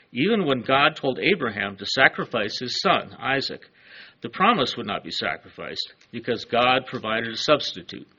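A man's voice: mid-range voice, vocal fry, sharp tone, husky, muffled recording. A man preaching a sermon, earnest and emphatic, letting his phrases fall away at the ends.

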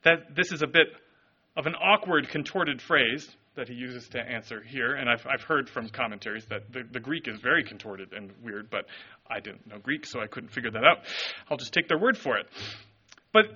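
A man preaching a sermon, telling the story in an animated, expressive way. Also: mid-range voice, moderate pace, husky, muffled recording. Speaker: pastor.

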